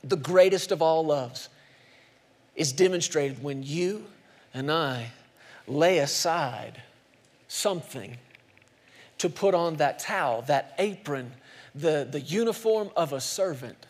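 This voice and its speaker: A man preaching a sermon from the pulpit, his voice sitting high. He slows way down and turns soft on key words, then lifts sharply for punchlines. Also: lively intonation. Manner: dynamic preaching, slows and drops soft for emphasis, rises for punchlines. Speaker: pastor.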